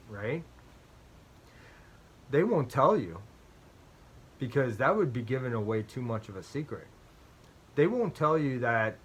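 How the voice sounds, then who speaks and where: An expressive, unhurried man of medium pitch who pauses often hosts a strategy game channel, chatting through his gameplay with self-deprecating humor and stories from his own life. Repeated phrases and a habitual "right?" punctuate his points.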